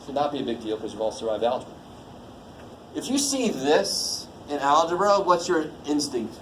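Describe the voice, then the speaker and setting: A man with a slightly high, sing-song voice speaks at a moderate pace while teaching a college math class. He keeps it casual and jokey, swearing lightly and quizzing students along the way. The classroom sounds echoey, with faint background noise.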